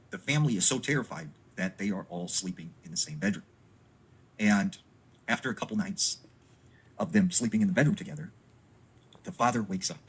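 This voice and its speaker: A man's voice: low voice, breathy edge, low-quality recording. A man casually retelling a creepy backwoods story, full of fillers and acted-out dialogue.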